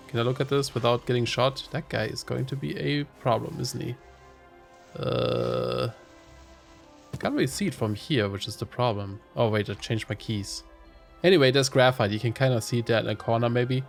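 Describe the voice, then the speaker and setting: A man's voice: mid-range voice, vocal fry. Nasal, congested man rambling over gameplay. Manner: rambling, chatty, self-interrupting. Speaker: let's play host. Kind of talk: casual gameplay commentary.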